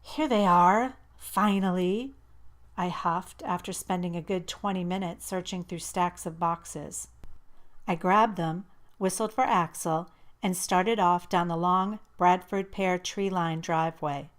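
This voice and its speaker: A woman narrating a first-person audiobook in a lively, expressive way. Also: fairly low pitch, a little slow.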